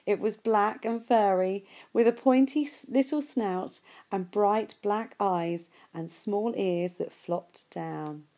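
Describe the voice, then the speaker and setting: Woman reading a kids book out loud, warm mellow voice, steady and unhurried. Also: mid-range voice. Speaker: reader. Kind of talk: reading a novel aloud.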